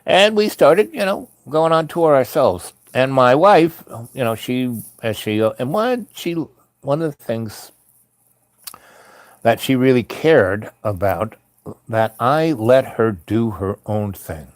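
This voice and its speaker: A man's voice: mid-range voice, animated, takes it slowly, dry recording. Rambling man telling a story. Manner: rambling, chatty, full of asides. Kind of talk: casual spoken anecdote.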